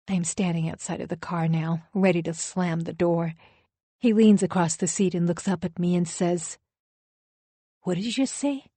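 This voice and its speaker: A woman's voice: medium pitch, dark tone, no room sound. Female audiobook narrator, first person, intense dramatic read, dry booth. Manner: dramatic, emotionally charged reading.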